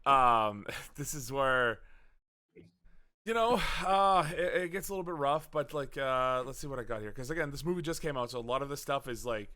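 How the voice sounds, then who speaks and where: A man's voice: mid-range voice, lively intonation, normal speed, pushed and bright. A man co-hosting a casual movie review chat, rambling with lots of fillers, self-corrections and swearing. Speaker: podcast co-host.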